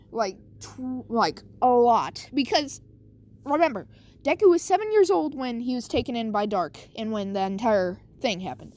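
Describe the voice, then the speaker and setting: A woman casually retelling a fan story, rambling and correcting herself with many fillers. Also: fairly high pitch.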